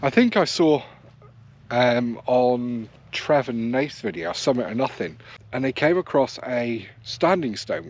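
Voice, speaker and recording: A man, chatting easily to the camera while walking on open moorland. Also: mid-range voice. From South West England. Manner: chatty, rambling, easygoing, talks to camera while hiking. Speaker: wild camping vlogger. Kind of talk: casual walking vlog commentary. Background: faint outdoor ambience.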